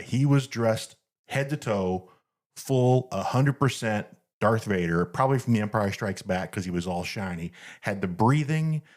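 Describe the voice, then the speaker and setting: A middle-aged man hosting a family podcast, telling anecdotes in an animated way and laughing at them. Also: on the low side. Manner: animated storyteller, laughs at his own anecdotes. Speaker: podcast host. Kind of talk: casual family chat.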